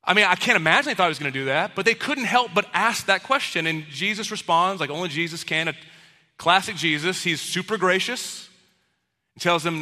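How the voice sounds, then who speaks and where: A man's voice: sits high, animated, moderate pace, sharp tone, long reverb tail. A man preaching a sermon to a live congregation, in a casual, conversational way with playful acted-out quotes. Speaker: pastor. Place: church auditorium with live congregation.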